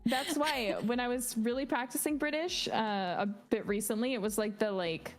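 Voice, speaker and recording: Lively, laughing woman streamer guest. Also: fairly high pitch, normal speed, faint music behind. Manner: animated storyteller, laughs often, acts out quotes. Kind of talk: casual chat.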